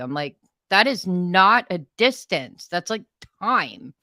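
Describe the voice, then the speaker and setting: Low, smooth-voiced profane woman. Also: takes it slowly, dry recording. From Philadelphia area, US. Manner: profane, lively anecdote telling. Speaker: podcast co-host. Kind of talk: casual chat.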